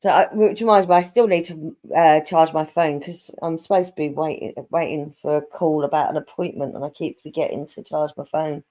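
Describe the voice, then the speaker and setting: A woman's voice: low-pitched, fairly even intonation, brisk, hardly any pauses, warm tone. A middle-aged woman hosting a casual stream chat, laughing often, swearing and reading viewer comments aloud.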